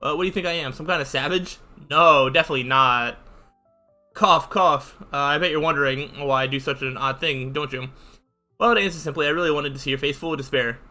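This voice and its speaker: A man's voice: a little high, a little fast, bright, forceful tone, faint music behind. A man voicing a brash, cruel, playful teenage girl while reading a visual novel aloud, in a teasing, rambling way. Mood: mocking. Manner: teasing, rambling, mock-cheerful.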